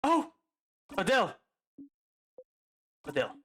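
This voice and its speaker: Mid-pitched streamer murmuring through a game. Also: wildly swooping pitch, slow, a bit bright, a little hiss or hum. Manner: thinks aloud with hesitant restarts and murmured reactions. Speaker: streamer playing a story game. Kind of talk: casual let's-play commentary, reading game text aloud. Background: faint game music.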